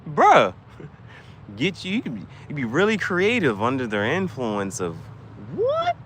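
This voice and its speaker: A man chatting casually and joking, laughing often and swinging his voice high and low. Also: very animated, normal speed, background noise. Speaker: channel host.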